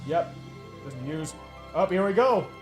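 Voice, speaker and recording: High pitched guy on a stream, rambly and overdramatic about his team, soft music under him. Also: animated, unhurried. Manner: rambling, melodramatic fan despair. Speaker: sports streamer. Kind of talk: casual livestream chat.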